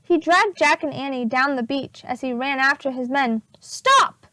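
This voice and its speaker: A woman teacher reading a chapter book aloud to preschool children, slow and expressive. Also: high voice, dry recording.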